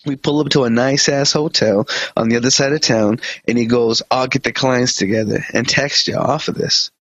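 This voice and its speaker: A male podcast co-host reading a story aloud in a profane, animated way, with quick comic asides. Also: medium pitch, no echo. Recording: dull lo-fi podcast audio.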